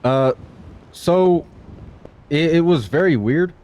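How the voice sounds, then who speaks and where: A man's voice: on the high side, expressive, slow pace, darkish tone. A man in a roleplay who tells his side of events in a rambling, casual way and swears a lot. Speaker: accused client in roleplay. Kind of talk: in-character roleplay storytelling.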